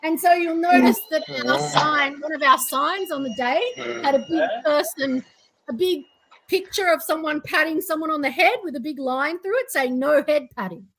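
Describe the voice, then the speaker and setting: A woman with a high, light voice talks through her ideas in relaxed podcast chat. She sounds earnest and reflective, pausing on ums and restarting her sentences. A faint hiss sits under her voice. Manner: earnest, reflective, with frequent fillers. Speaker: co-host.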